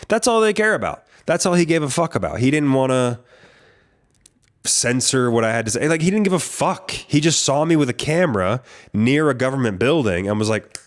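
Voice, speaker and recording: A man's voice: mid-range voice, big pitch swings, fairly quick. A man hosting a podcast, telling a travel story in a casual, rambling, profane way. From United States. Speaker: podcast host.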